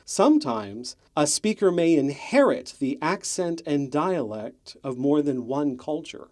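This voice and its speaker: A man reading scripted documentary narration in a measured, explanatory tone. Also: a little high, sing-song, darkish tone. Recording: narration over guitar music.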